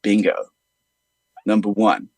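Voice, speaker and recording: A man's voice: on the low side, flat delivery, takes it slowly, creaky, a little mellow, dry recording. A man, a musician guest, telling stories in an earnest, rambling way with many fillers. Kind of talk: reflective storytelling in conversation.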